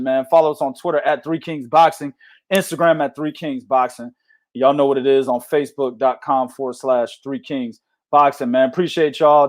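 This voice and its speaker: A high-pitched man hosts a boxing show with loud, passionate, profane chatter. He talks like this all the time, heated and unfiltered. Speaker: boxing podcast host. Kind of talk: heated casual chat.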